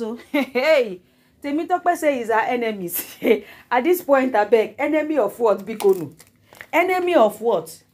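A woman's voice: on the high side, a little mellow. A woman with a Nigerian accent giving mocking gossip commentary to her viewers, repeating herself and breaking into laughter. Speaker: celebrity gossip vlogger.

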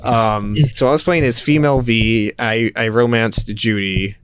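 A man's voice: medium pitch, fairly even intonation, unhurried, clear, resonant tone. A man hosting a casual gaming podcast, chatting in a rambling way with frequent fillers. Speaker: podcast host.

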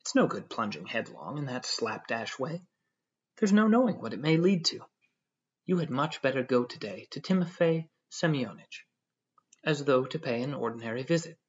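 A man voicing a self-important civil servant who lectures calmly and at length. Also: medium pitch, husky. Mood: pompous tranquil. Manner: measured, lecturing tone. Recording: dull lo-fi audio.

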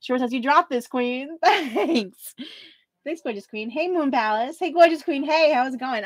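A woman hosting a casual livestream, chatting with viewers in a bubbly, giggly way. Her voice sits high and sounds close and dry, with no room around it. She greets everyone warmly as queens. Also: animated, moderate pace, no echo. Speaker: livestream host. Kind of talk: casual livestream chat, reading comments.

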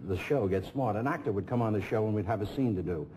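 A man's voice: on the low side, fast, background noise. A middle-aged man telling casual stories as a talk show guest, slipping into other people's voices as he goes. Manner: animated storyteller who mimics other people's voices.

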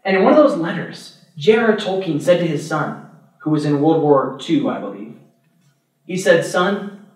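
A priest with a high, bright voice gives an animated teaching talk, breaking into laughter as he tells stories. He sounds far from the mic in a very echoey church hall. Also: moderate pace. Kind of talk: adult formation talk.

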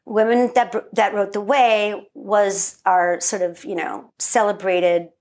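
A woman guest in a casual interview, a lively storyteller who acts out quotes and laughs often. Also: medium pitch, unhurried.

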